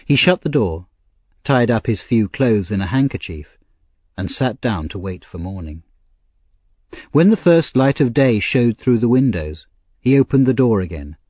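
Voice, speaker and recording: A man narrating an audiobook in a measured, expressive storytelling manner. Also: medium pitch, husky, dry recording.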